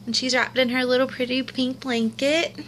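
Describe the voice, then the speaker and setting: A woman's voice: high-pitched, level tone, normal speed, fairly bright tone, a little hiss or hum. A young woman, cooing and gushing over an unboxing in casual commentary. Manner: gushing and cooing, repeats exclamations. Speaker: vlogger unboxing a doll.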